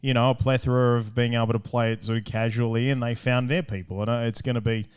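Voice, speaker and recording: A man's voice: medium pitch, little pitch movement, fast talker, clear, resonant tone. Rambling Australian man co-hosting. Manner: enthusiastic, rambling with fillers. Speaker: show co-host. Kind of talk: casual chat.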